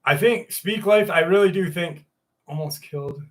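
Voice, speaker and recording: Chatty male live-stream host, higher voice. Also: moderate pace. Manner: chatty, swears freely, greets viewers by name. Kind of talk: casual live-stream chat and story reading.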